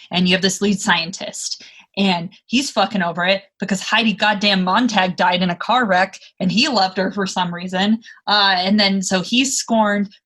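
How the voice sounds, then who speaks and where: A woman's voice: mid-range voice, fairly bright tone. A young adult woman co-hosting a comedy podcast, reviewing a movie in casual, profane chat and laughing often. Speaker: podcast co-host.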